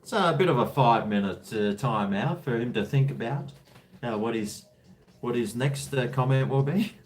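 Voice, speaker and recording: A man's voice: mid-range voice, expressive, moderate pace, slight background noise. A man chatting casually on a livestream, rambling with chuckles and answering viewers' comments. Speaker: livestream host.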